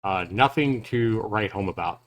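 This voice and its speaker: A man's voice: fairly low pitch, moderate pace. A man giving casual live reaction commentary on a game trailer, thinking aloud in a loose, rambling way.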